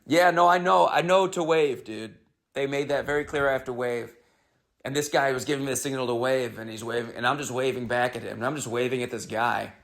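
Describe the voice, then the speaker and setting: A man's voice: mid-range voice, fairly bright tone. A man hosting his own podcast, telling a comedic story in a rambling, wry, self-interrupting way.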